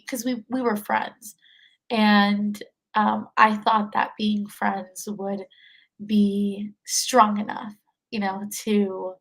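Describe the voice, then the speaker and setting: A woman's voice: medium pitch, creaky, low-quality recording. A young woman in her twenties, a podcast guest, talking casually with many fillers and frequent laughs. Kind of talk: casual conversation.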